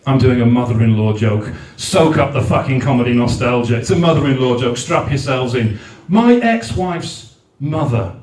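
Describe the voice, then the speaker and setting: A man's voice: medium pitch, expressive, normal speed, few pauses, a little mellow. A man from South Wales doing a stand-up set at a comedy night, ranting in exasperation and swearing heavily. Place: large function room at a comedy night. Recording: roomy live venue, mic at a distance.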